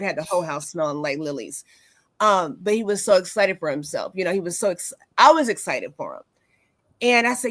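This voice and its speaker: A woman's voice: mid-range voice, lively intonation, a little fast, dry recording. A woman in her forties hosting a wellness talk show, telling stories casually with many fillers. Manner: warm storytelling with many fillers. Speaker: host.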